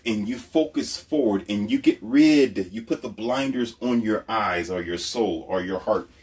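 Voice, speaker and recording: A man's voice: mid-range voice, a little mellow, far from the mic. A man delivering a blunt, preachy motivational monologue, emphatic and repetitive.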